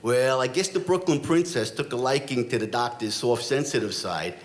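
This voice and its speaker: A middle-aged man, a former police officer, telling a true story on stage before a live audience in a dramatic, blunt, animated way. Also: medium pitch, moderate pace.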